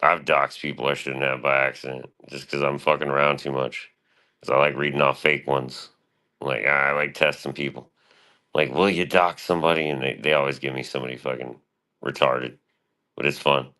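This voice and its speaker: Boastful and swearing freely, a man with an extremely low voice rambles through a casual stream monologue. He holds a steady tone at normal speed, and a bright, forceful edge cuts through the depth.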